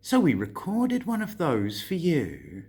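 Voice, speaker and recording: A British man casually telling a funny story from his youth while his head is shaved, relaxed and swearing freely. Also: creaky, breathy edge. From Britain. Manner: slow, laid-back, swears freely; puts on a high voice when quoting others. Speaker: host.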